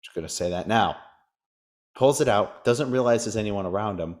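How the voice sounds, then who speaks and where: Low-voiced man ranting on a podcast. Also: normal speed. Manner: crude, joking rants. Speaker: podcast host. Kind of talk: casual podcast chat.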